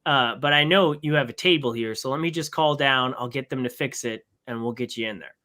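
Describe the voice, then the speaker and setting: A man on a podcast casually telling an animated story, acting out both sides of a conversation. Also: mid-range voice, brisk. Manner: animated anecdote with quoted exchanges. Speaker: podcast co-host.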